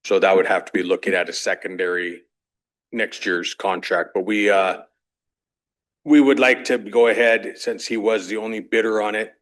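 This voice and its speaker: Man, staff report at a council meeting, low voice, plain, businesslike. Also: level tone, normal speed, fairly bright tone. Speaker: staff member reporting on projects.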